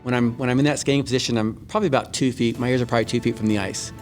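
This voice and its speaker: A middle-aged man, a guest on an interview show, telling a personal story earnestly with many pauses and restarts. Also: medium pitch, fairly even intonation, faint music behind. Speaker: guest, Olympic speed skater. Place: large indoor skating arena.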